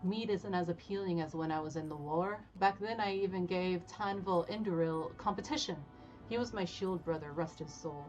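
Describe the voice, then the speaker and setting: A woman's voice: on the low side, moderate pace, darkish tone, close to an everyday voice. Woman reading a male guard veteran, wistful, slightly muffled audio, faint music behind. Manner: wistful, reading game dialogue aloud. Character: gruff male town guard, lonely war veteran.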